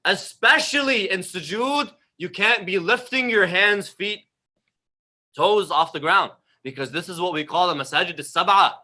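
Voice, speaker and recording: A young male religious teacher talks informally about prayer at a moderate pace, his high voice pushed and bright. The sermon is conversational and emphatic, and he tends to repeat himself.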